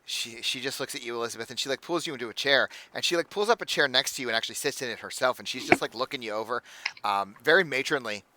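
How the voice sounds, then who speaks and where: A man's voice: medium pitch, fast, background noise. A man narrating as game master of a tabletop game, casual and rambling with many fillers.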